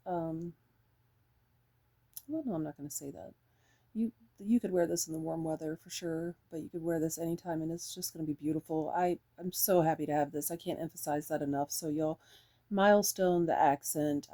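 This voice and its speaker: Woman gushing through a perfume review, low mellow voice, lots of ums. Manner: rambling, enthusiastic, lots of fillers. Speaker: fragrance reviewer. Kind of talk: casual review chat.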